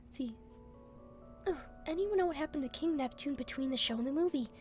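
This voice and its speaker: A young woman with a very high voice chats casually with her stream audience. She giggles constantly and keeps hiccuping between sentences. Soft music plays faintly behind her. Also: animated, fairly quick. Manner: giggly, laughs often. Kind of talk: casual chat.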